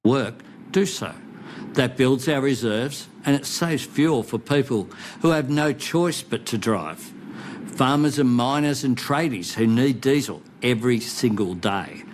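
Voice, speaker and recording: A man with an Australian accent, a national leader giving a formal, measured and reassuring televised address. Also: medium pitch, animated, slight background noise.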